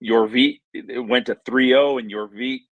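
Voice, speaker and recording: A man co-hosting a sports podcast, reminiscing in a halting way with many restarts. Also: mid-range voice, steady tone, dry recording, muffled recording. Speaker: podcast co-host. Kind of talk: casual sports chat.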